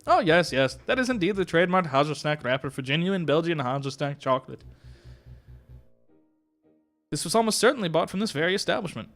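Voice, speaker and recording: A man's voice: fairly high pitch, expressive, brisk, pauses often, fairly bright tone, faint music behind, pitched above the performer's own voice. A man voicing a fussy male elephant chocolatier in a game, with a wobbly put-on European accent that drifts between styles. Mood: theatrical.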